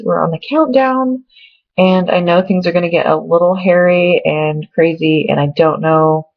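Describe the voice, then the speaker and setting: A woman's voice: fairly low pitch, gravelly. A young woman from Oregon giving a casual pregnancy update, chatty and emotional, close to tears. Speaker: vlogger. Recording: dull lo-fi home webcam audio.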